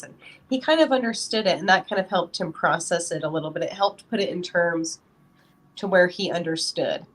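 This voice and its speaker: A woman on the low side of the pitch range speaks a little fast as a guest on a podcast. Talking casually as a parent in the interview, she rambles and fills her speech with many "you know"s.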